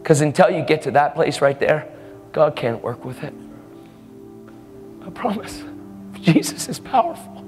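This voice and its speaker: A man's voice: a little high, a little slow, pauses often. Earnest preaching man in an echoey hall. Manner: earnest, casual, repeats words when excited. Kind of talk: storytelling sermon. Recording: echoey hall with faint music.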